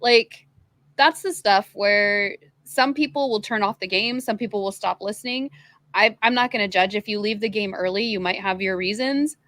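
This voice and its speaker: A woman co-hosting a casual baseball podcast, talking in an even-keeled, chatty way. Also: medium pitch, normal speed, no echo. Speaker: podcast co-host. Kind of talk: casual sports chat.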